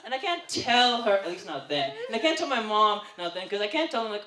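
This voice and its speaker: A man's voice: sits high, brisk, hardly any pauses, echoey room, a crowd in the background. Young man telling a stand-up story. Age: young adult. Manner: animated, chatty, often laughing through lines. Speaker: stand-up comedian at an open mic. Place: open mic night venue.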